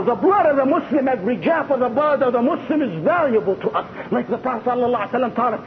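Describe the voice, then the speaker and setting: A high-voiced man preaches with fervor, throwing questions at his listeners. The recording is dull and lo-fi. A faint rumble runs underneath. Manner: impassioned, asks the audience rhetorical questions. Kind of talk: sermon lecture.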